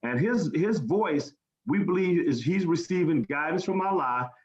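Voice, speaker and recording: A man's voice: a little high, expressive, normal speed. An American man giving earnest, plain-spoken interview answers, often repeating a word while he searches. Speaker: guest speaker. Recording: roomy, dull lo-fi sound.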